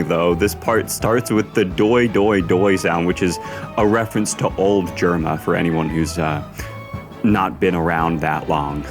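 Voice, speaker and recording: A man with a lowish voice gives voice-over commentary on video clips. He speaks haltingly, often restarting and stumbling over his words. Soft music runs faintly underneath. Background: faint background music.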